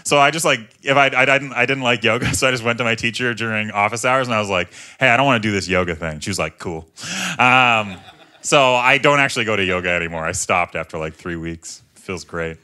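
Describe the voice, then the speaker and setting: A man, doing a stand-up comedy set on a club stage with self-mocking, animated delivery. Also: medium pitch, a little fast. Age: 30s.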